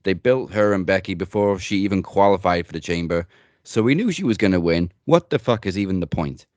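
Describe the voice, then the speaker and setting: Deep-voiced man in opinionated podcast chat. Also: animated, fairly quick, darkish tone, no echo, highs cut off. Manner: opinionated, swears casually. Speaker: host. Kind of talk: casual wrestling news chat.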